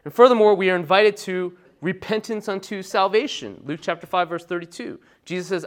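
A male pastor preaching a sermon in a conversational, emphatic style, checking in with the congregation with frequent asides and swinging between soft remarks and loud bursts. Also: high voice, brisk, hardly any pauses.

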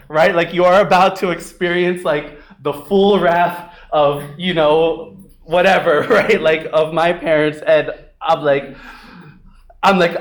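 A man preaching a sermon, telling a personal story in an animated way, full of fillers and frequent "right?" checks. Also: high voice. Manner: animated, filler-heavy, laughs often, keeps asking "right?". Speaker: pastor. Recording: echoey room.

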